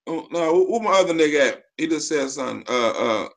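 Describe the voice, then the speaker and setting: A man's voice: a little high, expressive, quick pace, creaky, a bit bright. A man hosting a casual livestream, reading viewer comments aloud and laughing often. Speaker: livestream host.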